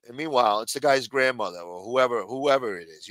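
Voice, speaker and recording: A man's voice: mid-range voice, lively intonation, fairly quick, hardly any pauses, a bit bright, no room sound, poor audio. A man on a livestream ranting angrily and scolding a viewer, with lots of profanity. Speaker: livestream co-host. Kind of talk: heated livestream rant.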